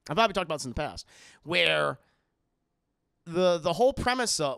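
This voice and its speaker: A man hosting a casual chat show, rambling excitedly, swearing freely and laughing often. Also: mid-range voice, vocal fry, no room sound, studio quality. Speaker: podcast host.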